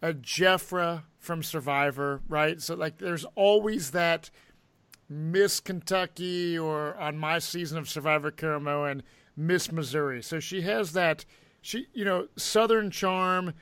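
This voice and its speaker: Male podcast host, rambling casual recap, slightly high voice, dry sound. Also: fairly even intonation, measured pace, fairly bright tone, clear, resonant tone, no room sound. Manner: rambling, many fillers.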